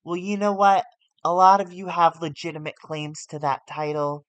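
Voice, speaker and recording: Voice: medium pitch, steady tone, moderate pace, clear, resonant tone, no echo, lightly acted. A streamer voicing an authoritative male wrestling general manager making an announcement, in a casual quote during a game stream. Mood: announcing.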